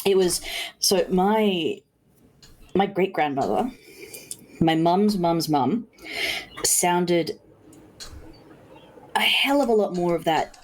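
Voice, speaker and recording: A woman's voice: lowish voice, lively intonation, slow, long pauses, poor audio. An Australian woman streamer in casual chat, hesitant with frequent ums. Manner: chatty, hesitant with many ums.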